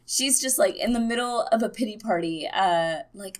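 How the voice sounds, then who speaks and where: A young woman giving a casual, excitable TV episode recap, full of fillers. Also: mid-range voice, moderate pace. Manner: chatty and excitable, many fillers. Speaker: TV recap vlogger.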